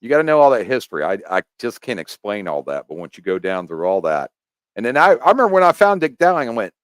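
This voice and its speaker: Rambling, animated American man. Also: fairly low pitch, quick pace, clean tone, no echo. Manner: rambling, animated explaining with restarts. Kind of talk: casual chat.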